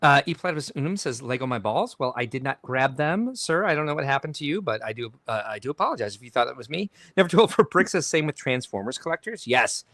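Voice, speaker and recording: A man's voice: medium pitch, expressive, fast talker, hardly any pauses, a bit bright, no echo. Laughing middle-aged man reading comments. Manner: jokey, laughing, reads comments aloud with asides. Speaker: podcast co-host reading viewer comments. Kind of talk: casual livestream chat.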